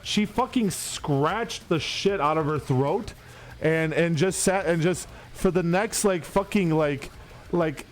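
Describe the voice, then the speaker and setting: A man's voice: fairly high pitch, slow pace, a little hiss or hum. A young man hosting a stream, telling a long story in a rambling, profane way with lots of restarts. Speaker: streamer host. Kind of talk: casual storytelling to stream chat. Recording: faint music behind.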